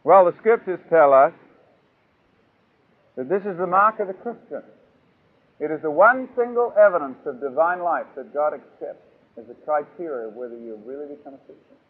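A man preaching a sermon, emphatic and swinging between loud and soft. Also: fairly high pitch, animated, normal speed, pauses often, slightly rough. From New Zealand. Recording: tinny lo-fi phone-like recording.

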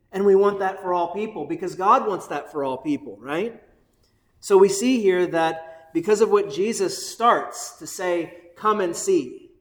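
Man, pastor, sermon, excited and chatty, higher voice, echoey room. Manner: energetic, conversational, keeps asking "right?"; excited, bouncing while preaching.

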